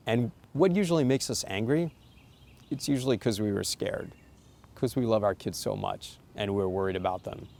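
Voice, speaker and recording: A man's voice: low-pitched, gravelly, darkish tone. A man giving an earnest, coaching talk to parents, stressing key points with emphasis. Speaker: parenting educator. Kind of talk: instructional talk to camera.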